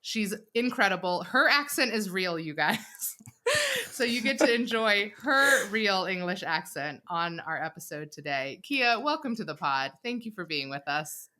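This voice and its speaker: A woman in her thirties co-hosting a casual podcast, playful and quick to laugh, talking straight to listeners. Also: medium pitch, lively intonation, pushed and bright. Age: 30s. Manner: playful, laughs often, addresses listeners as y'all. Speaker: podcast co-host.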